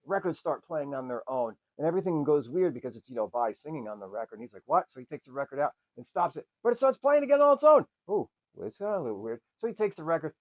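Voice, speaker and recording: This podcast host reviews an old movie in a fairly high, somewhat mellow voice, captured in a low-quality recording. He runs through the plot casually, voicing the characters, cursing liberally and leaning on a stock phrase.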